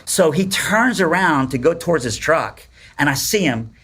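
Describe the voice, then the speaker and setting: A husky, slightly high male voice at a moderate pace belongs to a podcast guest in his forties. Telling a personal story in a relaxed chat, he animatedly voices the characters and their quotes.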